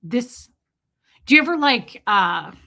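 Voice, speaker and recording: A woman with a bright, clear and fairly high voice chats casually on a livestream. She tells stories in an animated way and keeps breaking off to greet viewers by name. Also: slow. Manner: animated storytelling, reads out viewer names. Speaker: livestream host.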